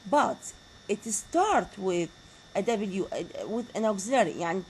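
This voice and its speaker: Iraqi-accented woman lecturing, slow and questioning. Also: mid-range voice, animated, slight background noise, poor audio. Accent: Iraqi Arabic. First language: Arabic. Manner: asks the class questions and repeats key words. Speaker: teacher. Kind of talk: university lecture.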